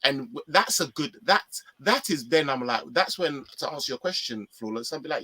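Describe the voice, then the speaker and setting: A man talks football over a video call. His voice is bright and a little husky. He is animated and slangy and cuts in over the others. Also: medium pitch, moderate pace, few pauses. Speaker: co-host. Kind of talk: casual football chat.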